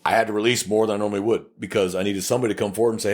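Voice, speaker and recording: A man's voice: on the low side, racing. A male police investigator co-hosting a casual podcast, telling blunt, plainspoken stories about his work and acting out the exchanges. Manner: animated storyteller who acts out quoted exchanges; blunt and plainspoken, with occasional cursing.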